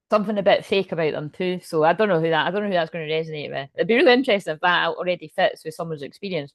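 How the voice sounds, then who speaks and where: Woman, tarot reader, live stream, chatty, laughs often, lowish voice, dry close sound. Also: no room sound.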